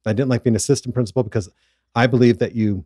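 Mellow guy cohost, kinda dry sound, restarts his sentences a lot. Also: mid-range voice, fairly even intonation, quick pace, no echo. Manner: thoughtful, with frequent repeated starts. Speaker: podcast co-host, former school principal. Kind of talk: casual chat.

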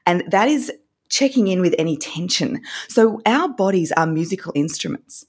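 An Australian woman, a voice coach, explaining techniques as a podcast guest in an animated way, laughing often. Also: lowish voice, normal speed, husky.

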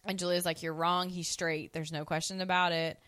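A woman's voice: fairly low pitch, flat delivery, fairly quick, a bit bright, clean tone, no echo. A woman co-hosting a podcast, casually recapping a TV episode and acting out the characters' lines. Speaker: podcast co-host.

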